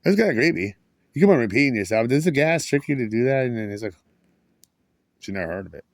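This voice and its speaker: A man's voice: medium pitch, big pitch swings, quick pace, no echo. Rambling, cursing man telling a story. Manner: rambling, restarts and swears. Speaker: vlogger.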